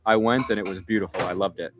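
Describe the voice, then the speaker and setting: A man's voice: low-pitched, steady tone, fast talker, a little hiss or hum. A young man hosting a livestream, telling a rambling story in casual chat, often breaking off mid-sentence. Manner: rambling, self-interrupting storytelling. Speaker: livestream host.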